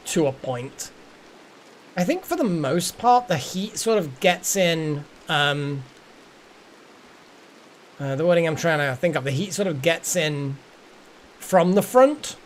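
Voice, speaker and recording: Streamer, male, slightly high voice, chatty and profane, thinks out loud. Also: a little hiss or hum. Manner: rambling, swears casually, muses aloud. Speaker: game streamer. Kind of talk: casual gameplay commentary.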